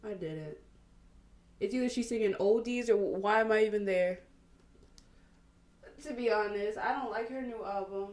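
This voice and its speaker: A young woman hosting a casual get-ready-with-me podcast, speaking in a relaxed Black at a mid pitch. She tells stories with bursts of laughter and drawn-out exclamations, then drops into quieter asides while she works on her makeup. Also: reverberant. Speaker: podcast host. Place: at home, doing makeup.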